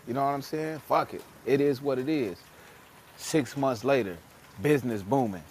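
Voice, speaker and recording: A man talks through change and fear on a casual podcast, his pitch sitting in an ordinary middle range. He is emphatic and slangy and slips into little acted voices when he quotes people. A faint hiss runs under the recording. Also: normal speed, darkish tone. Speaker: podcast co-host. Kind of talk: casual motivational podcast talk.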